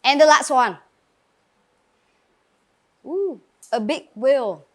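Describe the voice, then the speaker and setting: A woman's voice: sits high, animated, very slow. A woman with a Vietnamese accent teaching an English grammar lesson in a classroom, calling on students and praising answers.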